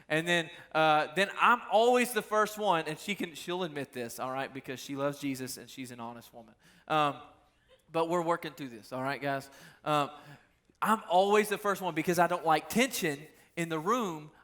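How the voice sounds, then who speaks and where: A young man giving a casual, animated youth sermon, telling stories and asking the listeners questions. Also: a little high, normal speed. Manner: animated storytelling, talks straight to the crowd. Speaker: youth pastor.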